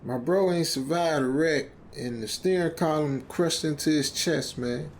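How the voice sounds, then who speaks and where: Man, story narration, rambling, stammering, casual, faint background rumble. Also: unhurried. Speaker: narrator reading a horror story.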